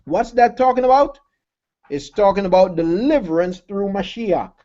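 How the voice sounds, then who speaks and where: A man's voice: sits high, expressive, moderate pace, mellow, muffled recording. A man preaching a sermon who repeats key phrases, asks his listeners rhetorical questions and calls them family.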